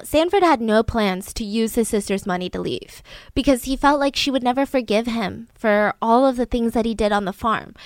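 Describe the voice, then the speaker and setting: A woman casually retelling a true crime story, animated, acting out the people she quotes. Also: dry recording. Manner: animated, acts out quotes with raised pitch and volume.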